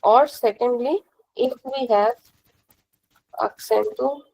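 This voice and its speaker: Young female teacher, Indian accent, slightly high voice with gravelly fry, patient and repetitive classroom explaining. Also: slow pace, darkish tone, rough recording. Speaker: language teacher.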